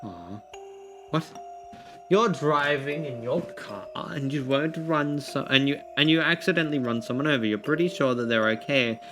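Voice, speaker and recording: A male streamer chats his way through a personality quiz, rambling and laughing as he thinks out loud. His voice sits at an ordinary middle pitch. Soft music plays faintly underneath. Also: moderate pace. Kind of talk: casual live-stream chat, reading quiz questions aloud.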